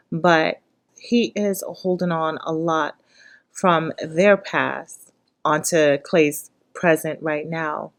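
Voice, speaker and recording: A woman giving casual, emotional reaction commentary on a reality show, recapping scenes and breaking into loud exclamations and cursing. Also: deep voice. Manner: emotional, exclaims loudly, curses, shifts from hushed recap to excited outbursts. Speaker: reaction vlogger.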